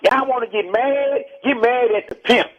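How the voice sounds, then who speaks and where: A man from Texas, lecturing forcefully and bluntly in a heated radio interview. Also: extremely high pitch, moderate pace. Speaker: rapper interviewed by phone. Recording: muffled archival phone call.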